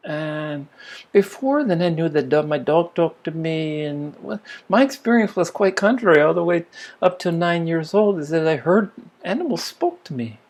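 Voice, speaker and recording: A man's voice: on the high side, big pitch swings, normal speed. Older man, spiritual teacher, meandering storyteller who restarts his sentences. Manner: rambling, musing, with frequent restarts and soft laughs. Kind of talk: reflective storytelling talk.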